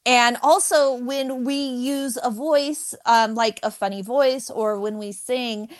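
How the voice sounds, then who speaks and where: A woman comedian who stutters, giving candid, animated answers in an interview and laughing often. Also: on the high side, slow. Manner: stutters, with repeated sounds.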